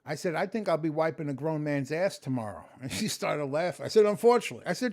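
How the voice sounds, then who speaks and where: A man talking casually in a late-night vlog, exhausted and sleepy, animated and rambling with plenty of swearing. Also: a little high, brisk, hardly any pauses. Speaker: vlogger, customer service phone agent.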